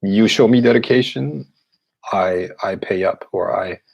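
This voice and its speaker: Male occultist, casual Q&A host. Gravelly, husky, blunt and profane delivery. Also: fairly low pitch, unhurried, a little mellow, dull audio. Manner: blunt and profane, with scoffing laughs. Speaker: occultist answering viewer questions. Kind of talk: casual live Q&A.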